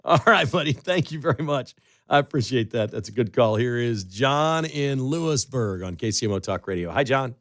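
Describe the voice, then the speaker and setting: A man's voice: mid-range voice, expressive, normal speed, fairly bright tone, dry recording, clean studio sound. Joking male talk radio host. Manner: joking, teasing. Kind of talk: call-in radio hosting.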